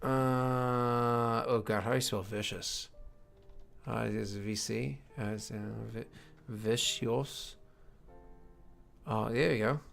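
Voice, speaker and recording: A man's voice: medium pitch, steady tone, takes it slowly, creaky, pauses often, a bit bright, soft background music. Rambling, swearing male streamer. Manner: rambling, joking, swears and mutters asides. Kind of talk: casual livestream chat.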